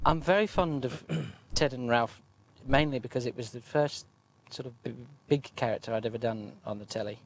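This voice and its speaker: A man's voice: mid-range voice, normal speed, hardly any pauses. A man, a comedy actor, speaking wryly and self-mockingly in a documentary interview.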